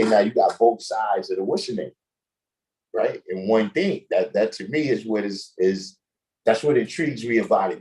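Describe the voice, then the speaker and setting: A man hosting a casual livestream chat, telling stories in an animated, slangy way and laughing often. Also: lowish voice, rough recording. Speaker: host.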